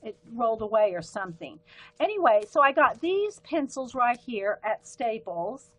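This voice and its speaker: A Southern woman chats casually through a live art stream, her voice sitting a little high. She rambles from one pen to the next, filling pauses with ums and breaking off mid-sentence to correct herself. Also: sing-song, fairly bright tone, poor audio. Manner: chatty and rambling, with frequent ums and self-interruptions. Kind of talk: casual livestream chat.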